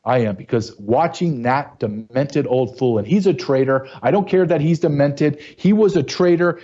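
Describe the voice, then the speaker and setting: A man hosting his own show, delivering a blunt, angry commentary monologue that keeps rising into sharp outbursts. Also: medium pitch, normal speed, muffled recording. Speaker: show host.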